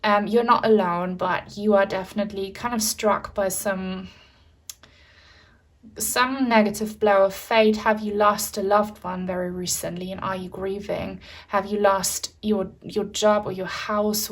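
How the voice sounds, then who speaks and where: A woman giving a pick-a-card tarot reading to her viewers, speaking gently and reassuringly, with frequent fillers. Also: medium pitch. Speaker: tarot reader.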